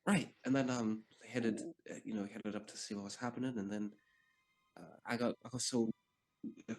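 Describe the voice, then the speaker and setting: A man's voice: on the low side, fairly even intonation, normal speed. A man as a player in a tabletop game, talking casually and hesitantly. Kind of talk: tabletop play.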